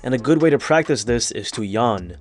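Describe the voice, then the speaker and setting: A young man narrates an animated podcast in a calm, explanatory voice-over with a mid-range pitch. Soft music plays faintly beneath his voice. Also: brisk. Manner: calm explanatory voice-over, demonstrates a low grounded voice. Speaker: podcast host.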